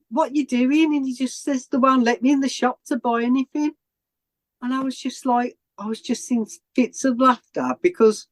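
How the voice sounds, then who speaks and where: A man talks through a story as a podcast guest. His delivery is casual and rambling, full of fillers and restarts. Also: on the high side. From England. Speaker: interview guest.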